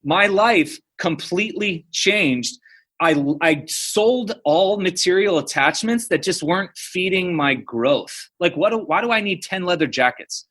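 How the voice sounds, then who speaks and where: A man's voice: sits high, animated, unhurried, a bit bright, slightly rough. A man in his thirties, a podcast guest telling personal stories in a casual way, full of "like" and "dude". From United States. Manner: casual, storytelling, uses "dude" and "like" often. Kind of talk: podcast interview.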